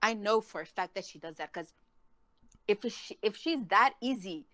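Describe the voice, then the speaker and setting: A woman's voice: medium pitch, lively intonation, moderate pace, fairly bright tone, no echo. A woman in a heated casual chat, ranting angrily with a lot of swearing. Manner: angry, profane ranting.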